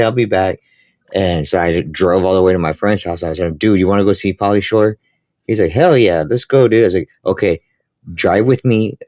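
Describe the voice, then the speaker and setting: A man's voice: low voice, darkish tone, no room sound, studio quality. A man co-hosting a podcast, telling his own story in a laid-back, casual way, filling it with "like" and "dude". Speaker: podcast co-host.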